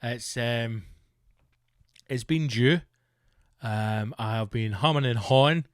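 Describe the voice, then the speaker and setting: A man's voice: medium pitch, takes it slowly, no room sound, studio quality. Scottish comedian guy rambling on his podcast, jokey, kinda self-mocking, middle voice. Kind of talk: casual comic monologue.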